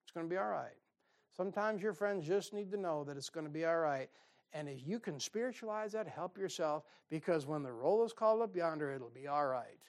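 A man preaching a sermon in a folksy, conversational way with quick asides. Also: a little high, expressive. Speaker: pastor.

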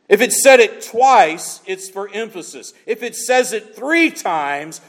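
Male pastor, high voice, emphatic sermon delivery, big reverberant church hall. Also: animated, unhurried, few pauses. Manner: emphatic, swings between loud declaiming and quiet asides.

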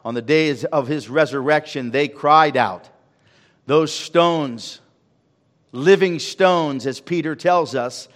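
A man preaching a sermon as pastor, swinging from loud calls to hushed asides. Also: on the high side, takes it slowly. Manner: preaching with sweeping rises and drops in volume. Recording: long reverb of a large hall.

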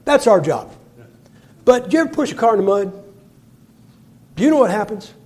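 Older male preacher, 60s, high voice, folksy humor, swings from quiet asides to loud bursts. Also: sing-song, brisk. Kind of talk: sermon.

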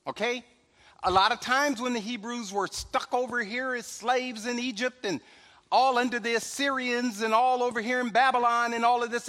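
Speaking at a very high pitch, this male pastor keeps his sermon relaxed and conversational. He laughs softly and throws in "right?" as he goes, and the church hall adds lengthy reverb.

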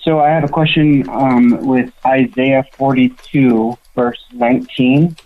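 A man's voice: medium pitch, steady tone, slow. A man calling in to a radio show, asking a question hesitantly and searching for his words. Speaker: caller. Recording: tinny phone line.

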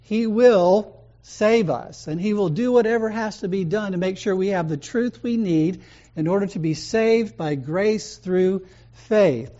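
A pastor preaching a sermon in a conversational, storytelling way. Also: male voice, sits high, moderate pace, mellow, highs cut off.

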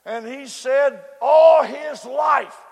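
A man preaching a sermon, swinging between loud shouted cries and low, quiet storytelling. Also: extremely slow, creaky. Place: church. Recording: echoey hall with faint congregation.

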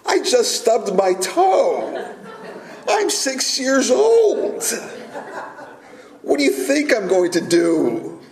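A man's voice: very high voice, wildly swooping pitch, extremely slow, long pauses, darkish tone, roomy sound, pitched above the performer's own voice, heavily acted. A man voicing his crying six-year-old son, whiny and incredulous. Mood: exasperated.

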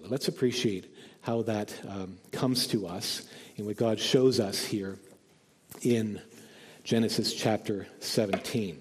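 A man's voice: fairly low pitch, slow pace, slightly rough. Man preaching in a reverberant church. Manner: earnest, emphatic repetition, swelling on key phrases. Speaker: pastor. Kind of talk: sermon. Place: church sanctuary. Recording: long hall reverb.

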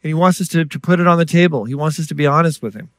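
A man preaching a sermon in a lively storytelling way, acting out voices and joking with the congregation. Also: a little high, rapid-fire, no room sound. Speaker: guest preacher. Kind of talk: sermon with stories.

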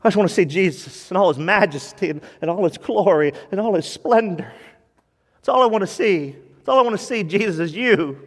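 A man's voice: high voice, lively intonation, a little fast, long reverb tail. A man preaching a sermon to his church, moving from teaching into impassioned, pleading prayer. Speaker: pastor.

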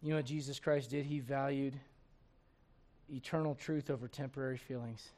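A middle-aged man preaching a sermon to his congregation in a folksy, animated way, slipping into acted asides. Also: mid-range voice, moderate pace. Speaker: pastor.

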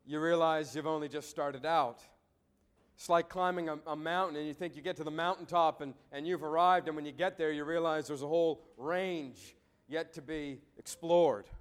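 A male pastor giving an earnest sermon to a congregation, often repeating words as he thinks aloud. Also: a little high. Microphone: preaching to a congregation.

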